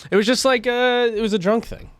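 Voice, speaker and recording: A man's voice: very high voice, fairly even intonation, a little fast, clear, resonant tone, no echo. A young man co-hosting a podcast, telling rambling stories full of fillers and swearing in casual chat. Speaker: podcast co-host.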